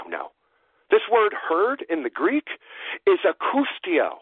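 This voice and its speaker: A man's voice: sits high, slightly rough, no room sound. A man preaching a sermon, teaching from the Bible and driving points home by repeating phrases for emphasis. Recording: phone-like narrow sound.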